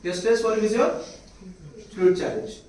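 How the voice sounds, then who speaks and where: A man with an Indian accent lectures on medicine, forever throwing rhetorical questions at his students. His voice sits high and a little mellow, at normal speed, captured from a distance in an echoey room with faint hiss.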